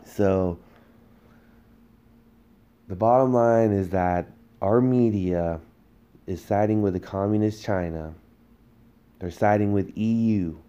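A man's voice: fairly low pitch, takes it slowly, pauses often, warm tone, smooth, highs cut off. A man hosting a political podcast, delivering a heated, emphatic monologue full of rhetorical questions. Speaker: podcast host.

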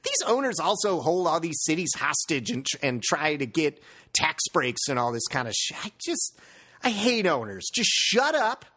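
A fired-up sports podcaster rants bluntly and swears freely. The pitch climbs and dives all over the place as the points land, and the delivery stays loose and conversational. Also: sing-song, moderate pace, fairly bright tone. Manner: blunt, profane, ranting. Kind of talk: casual sports talk rant.

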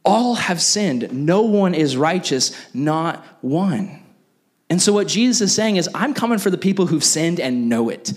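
A young adult man preaching a sermon as pastor, animated and acting out the voices he quotes. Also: on the high side, measured pace.

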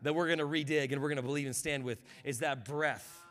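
Guy preaching a sermon, bright forceful voice, goes from hushed to shouting, kinda high. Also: fairly even intonation, fast. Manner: builds from soft to shouting fervor, calls on congregation. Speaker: guest pastor.

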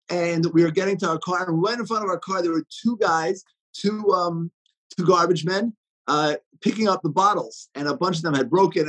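Husky, high-voiced man telling stories. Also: poor audio. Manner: storytelling, many fillers and restarts. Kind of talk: inspirational talk with stories.

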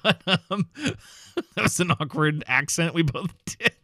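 A man's voice: a little high, sing-song, unhurried, sharp tone, dry recording. Rambling man recapping a movie. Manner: rambling, filler-heavy, quotes characters in voices. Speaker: podcast co-host. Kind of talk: casual movie recap chat.

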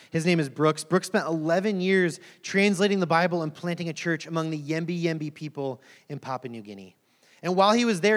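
A man giving a missions sermon as a guest speaker, telling a story in an earnest way. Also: on the high side. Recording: long reverb of a large hall.

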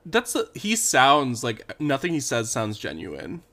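A man's voice: mid-range voice, wildly swooping pitch, a little slow, pushed and bright. A man co-hosting a podcast, recapping a TV show in casual chat, rambling along with lots of "like" and the odd sigh. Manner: rambling, with frequent "like" fillers and sighs. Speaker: podcast co-host.

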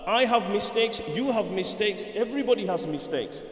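A man preaching a Friday sermon, telling stories animatedly and swinging between loud and hushed tones, in a mosque hall. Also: high voice, expressive, normal speed. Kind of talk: sermon storytelling. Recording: echoey hall.

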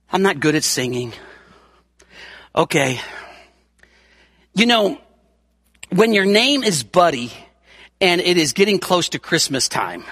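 A middle-aged man preaching a sermon as a pastor, emphatic, repeating words for stress and swinging from loud calls to quiet asides. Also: high voice, dry recording, studio quality.

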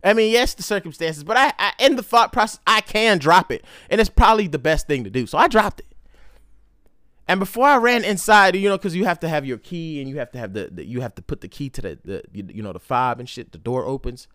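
A young man hosting a casual solo podcast, telling stories in a profane, slangy, animated way. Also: fairly high pitch, fairly quick, dry recording, studio quality. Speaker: podcast host.

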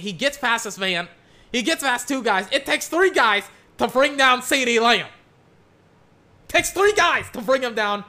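Young man, high voice, bright tone, rambling excitable sports chat. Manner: rambling, excitable, breaks into mock play-by-play calls. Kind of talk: excited solo sports chat while watching game clips.

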